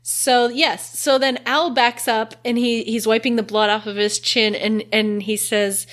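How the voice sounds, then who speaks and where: A woman's voice: on the high side, little pitch movement, measured pace, fairly bright tone. A young adult woman hosting a casual book recap podcast, chatty and laughing often as she acts out quotes. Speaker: podcast host.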